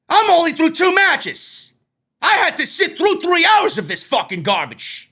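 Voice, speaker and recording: A man with a New York accent tears into a wrestling show in a loud, profane rant. His voice sits high and bright, and it swings widely in pitch as he yells and then drops low. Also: huge pitch swings, a little slow. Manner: loud profane ranting, frequent shouting. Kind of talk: ranting show review.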